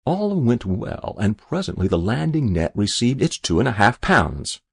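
A man reads a story aloud in a measured, expressive way. His voice is gravelly and a touch husky, and his pitch moves widely. The sound is dry and close. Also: dry recording. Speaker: narrator.

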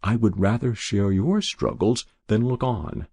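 A man's voice: on the low side, unhurried, a little mellow, slightly rough, no room sound, clean studio sound. Man reading an earnest devoted young woman. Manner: earnest, tender. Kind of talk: audiobook character voice.

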